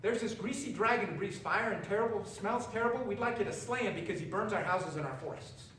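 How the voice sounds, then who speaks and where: Brisk, sly storybook townsfolk, read by a man; raised pitch, echoey room. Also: fairly bright tone, slight background noise. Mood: eager. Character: crowd of wily townspeople, mixed. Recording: roomy echo, distant mic, faint ambience.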